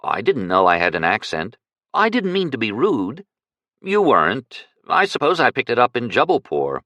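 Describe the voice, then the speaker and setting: Brief: guarded young ex-beggar, plain and cautious, voiced by the narrator. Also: male voice, mid-range voice, wildly swooping pitch, normal speed, sharp tone, no echo, lo-fi sound, full character voice. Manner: plainspoken, cautious, matter-of-fact.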